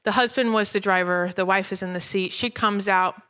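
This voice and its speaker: A woman in her thirties preaching a sermon and telling a personal story in an animated way. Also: medium pitch, a little fast, smooth. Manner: animated storytelling, breaks into laughter.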